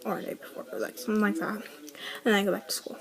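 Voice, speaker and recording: An eighteen-year-old woman vlogs a personal story, her mid-range voice level in tone, very fast, and gravelly. Crowd noise sits behind the low-quality recording. She rambles chattily, packs in "like," and whispers the lines she quotes.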